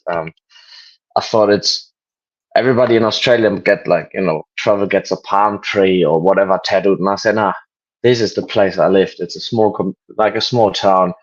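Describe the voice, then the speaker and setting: Low-voiced German man on a dull call. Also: moderate pace. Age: 20s. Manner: relaxed, joking, hesitant with fillers. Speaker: interview guest. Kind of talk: casual interview chat. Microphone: video call. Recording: dull lo-fi video call audio.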